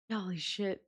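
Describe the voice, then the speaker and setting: A woman streamer chatting casually as she reacts, giggling often and swearing freely. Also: background noise.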